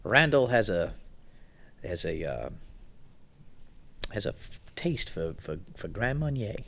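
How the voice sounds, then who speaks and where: A man's voice: fairly low pitch, very animated, slow, creaky, fairly bright tone. A man co-hosting a casual podcast chat, a rambling storyteller who laughs often and acts out quotes. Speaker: podcast co-host.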